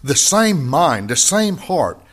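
A man preaching a sermon, repeating key phrases and swinging between loud high emphasis and quiet low asides. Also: big pitch swings, takes it slowly. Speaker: pastor.

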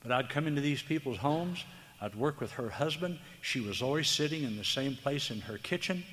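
Male preacher, mid-pitched; earnest, tender sermon delivery; reverberant sanctuary. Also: expressive, a bit bright. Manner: earnest, tender, slow, emphatic. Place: church hall. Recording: long hall reverb, faint background noise.

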